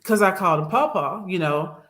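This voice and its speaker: A woman recounting a personal trip in casual podcast chat, animated and acting out what others said, on a studio microphone. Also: on the low side, a little fast. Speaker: regular co-host and guest.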